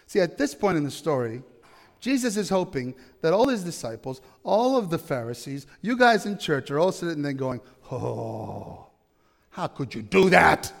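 Male pastor with a somewhat high voice, preaching emphatically in a church with long reverb. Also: big pitch swings, moderate pace. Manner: emphatic, asks the congregation questions. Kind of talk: sermon.

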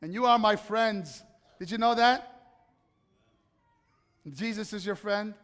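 A man preaching a sermon as pastor, animated, swinging between loud urgency and quiet hushed stretches. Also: high voice, slow pace, long reverb tail. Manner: animated preaching, shifts from loud excitement to soft hush. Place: church sanctuary.

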